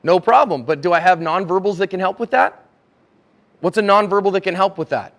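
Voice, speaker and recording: A man lecturing at a conference on handling conflict, his voice sitting a little high for a man. He talks casually and slips into little role-plays, playing both people in each exchange. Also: fairly even intonation, a little fast, fairly bright tone. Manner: casual, acts out both sides of example conversations. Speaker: self-defense instructor. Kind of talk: conference talk with acted role-play. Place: conference room.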